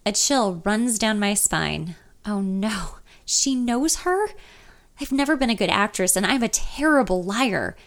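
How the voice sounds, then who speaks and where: A woman's voice: medium pitch, expressive, a little slow. A young woman narrating a first-person audiobook in a nervous, confessional inner voice.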